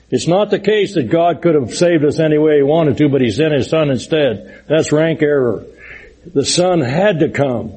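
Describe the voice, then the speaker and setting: Husky-voiced male preacher teaching scripture. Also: fairly high pitch, darkish tone, poor audio. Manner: earnest, explanatory, emphatic with scripture quotes. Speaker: preacher teaching a Bible study. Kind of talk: sermon-style Bible lesson.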